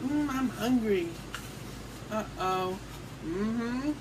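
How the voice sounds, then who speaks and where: A woman's voice: fairly high pitch, takes it slowly. A woman hosting a homemade skit, voicing toy characters in a playful way, with squealy exclamations. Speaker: hobby video host voicing toy characters. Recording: noisy home recording.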